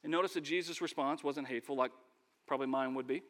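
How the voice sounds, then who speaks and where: A man preaching a sermon, animated, acting out characters and calling on the congregation to respond. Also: mid-range voice, fast, in a large hall.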